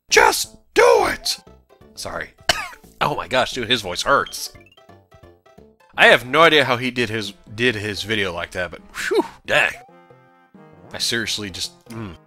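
A young man giving casual let's play commentary, rambling, then shouting at the game and apologizing. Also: lowish voice. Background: game music.

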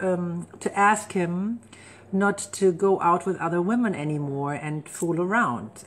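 Woman, lowish voice, chatty host spinning an anecdote. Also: a little hiss or hum. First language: German. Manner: animated anecdote-telling with laughs and self-corrections. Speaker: wedding celebrant and show host. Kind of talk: casual storytelling chat.

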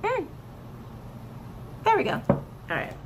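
A woman reading tarot and crystal meanings, animated, repeating her phrases and breaking into excited outbursts. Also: very high-pitched, takes it slowly, a little hiss or hum. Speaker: tarot reader.

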